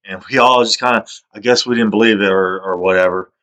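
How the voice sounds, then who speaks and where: Guy with a lowish voice rambling on and on, aggrieved, repeats himself, trails off into mutters. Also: steady tone, fast, a bit bright. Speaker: video monologuist. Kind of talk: rambling personal monologue.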